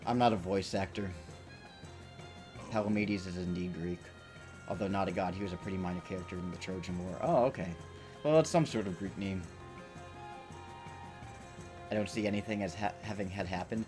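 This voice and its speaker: Casting: male streamer, low register, loose self-mocking chatter over faint game music. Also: brisk, pauses often, darkish tone. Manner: rambling, self-deprecating, joking. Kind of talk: let's play commentary.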